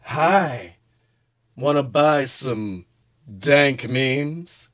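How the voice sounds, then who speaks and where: A man voicing a shady young male meme dealer who draws his words out slowly. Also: mid-range voice. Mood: sly. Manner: slow, drawn-out delivery.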